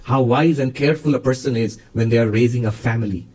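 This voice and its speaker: A man's voice: mid-range voice, fast, few pauses, recorded from a distance, low-quality recording. Man giving a spiritual talk from afar. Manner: storytelling, lively and emphatic. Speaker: monk and spiritual teacher. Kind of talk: spiritual talk answering a question.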